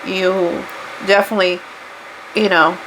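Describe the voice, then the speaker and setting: A woman's voice: on the low side, flat delivery, measured pace, noisy background. A woman from Portugal with a Portuguese accent, giving a casual, rambling spiritual card reading that drifts into chat and corrects itself as she goes. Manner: chatty, rambling, self-correcting. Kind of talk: casual tarot reading monologue.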